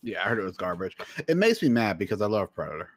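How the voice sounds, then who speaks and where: A man's voice: lowish voice, big pitch swings, quick pace, slightly rough, no echo. A man co-hosting a casual podcast chat, telling a story eagerly and rambling a little. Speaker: podcast co-host.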